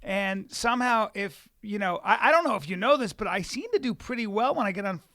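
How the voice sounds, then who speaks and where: A middle-aged man co-hosts a podcast in a studio, his voice sitting high with a gravelly edge. He talks candidly in meandering, hesitant runs full of restarts. The sound is dry and close. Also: expressive, fairly quick, bright, forceful tone, no room sound. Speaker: podcast co-host, stand-up comedian. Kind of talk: casual podcast chat.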